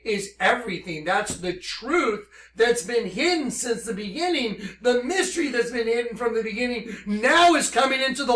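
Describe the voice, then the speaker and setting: A man giving an impassioned religious monologue, intense and excitable, reading scripture slowly and emphatically, then telling his story at a rush. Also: high voice, echoey room. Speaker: religious speaker.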